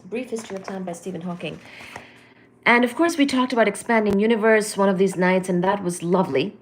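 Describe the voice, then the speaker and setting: Woman, live-stream host, playful chatter, mid-pitched voice, greets viewers. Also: fairly quick, a little hiss or hum. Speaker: livestream host. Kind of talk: casual live-stream chat.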